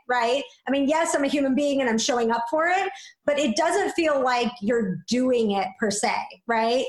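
A woman with a high, light voice talks in a relaxed conversation. She muses in a flowing way, tagging thoughts with "like" and "right?". The room around her rings with echo. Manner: flowing, reflective, many "like" and "right?" fillers. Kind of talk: casual conversation.

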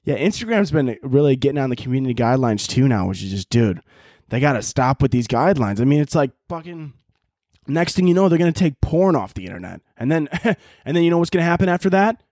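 Profane, animated young man ranting. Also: medium pitch, fast, no room sound, studio quality. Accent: Chicago. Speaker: podcast host. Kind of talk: casual solo podcast rant.

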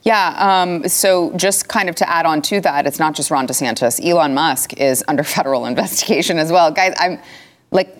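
A woman's voice: low voice, normal speed. A woman hosting a political talk show, speaking in an emphatic, impassioned way. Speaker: host. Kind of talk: political commentary chat.

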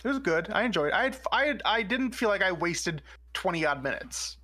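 A co-host with a bright, forward tone speaks earnestly in defense of the show. The delivery sits at a middle pitch, relaxed and conversational. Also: brisk. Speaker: podcast co-host. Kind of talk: casual chat reviewing a TV episode.

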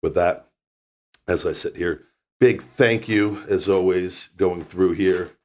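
A man's voice: low voice, slow pace, darkish tone. A man hosting a podcast, giving a blunt, rambling motivational talk with casual swearing. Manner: blunt, profane, rambling with restarts. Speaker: podcast host.

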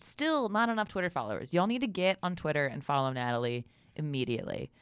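A young adult woman co-hosting a comedy podcast, jokey and playful, often jumping up in pitch. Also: expressive, fast talker, smooth, dry recording. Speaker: podcast co-host. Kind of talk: casual comedy chat.

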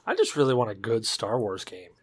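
Tipsy and rambling, a man co-hosting a podcast stumbles through a long joke, interrupting himself and restarting many times in casual chat. His fairly low voice is very animated, brisk, and breathy-edged. There's no echo.

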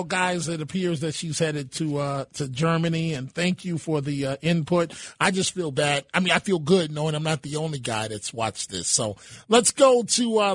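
High-voiced New radio host rambling. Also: male voice, no room sound, studio quality. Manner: rambling, hesitant, many restarts. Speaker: radio talk show host. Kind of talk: casual radio talk. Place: radio studio.

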